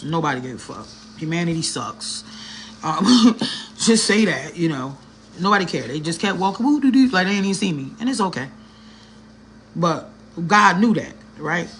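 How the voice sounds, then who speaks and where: Speaking straight to her viewers, a vlogger shares a personal story in casual, slangy terms with an earnest, emotional edge. Her pitch is fairly low, and there's a little hiss or hum.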